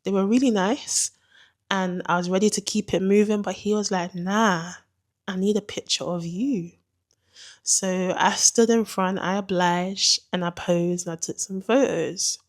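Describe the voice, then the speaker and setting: A young woman telling a dramatic story in an animated, slangy way. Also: mid-range voice, moderate pace. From England. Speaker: vlogger. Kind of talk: storytime narration.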